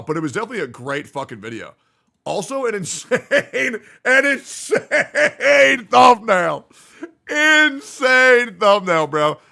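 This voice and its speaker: Bright-voiced joking male streamer. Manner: joking, profane, reads viewer comments aloud; swings between loud hype and low mumbling. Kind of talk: casual livestream reaction chat.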